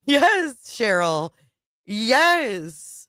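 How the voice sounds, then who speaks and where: A woman's voice: medium pitch, very animated, slow, fairly bright tone, no room sound, clean studio sound. A woman hosting a live reaction stream, making wry, sarcastic asides. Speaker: reaction channel host.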